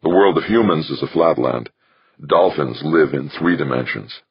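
A man voicing a young man who muses quietly to himself, in an audiobook. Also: rumbling low, normal speed, husky, dry recording, dull audio, full character voice. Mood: musing.

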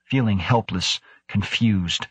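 A man narrating a science fiction audiobook in a measured, even storytelling manner. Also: fairly low pitch, breathy edge, dry recording. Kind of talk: scripted narration.

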